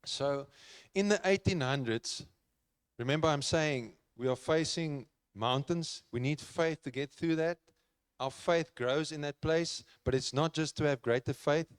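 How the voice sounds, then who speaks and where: Earnest male preacher, smooth, dry sound. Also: on the high side, fairly even intonation, a little slow, no echo. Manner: earnest, conversational preaching with repeated phrases. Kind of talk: sermon. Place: church.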